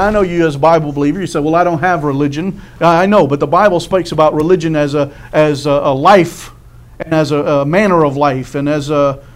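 A middle-aged man preaching a sermon in a folksy way, often asking "amen?" and laughing at his own stories. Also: fairly high pitch. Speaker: pastor.

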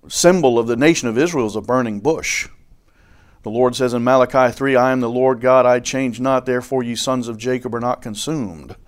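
A man preaching a sermon in a folksy way, with fillers and chuckles, reading scripture in a raised voice. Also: medium pitch. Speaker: pastor.

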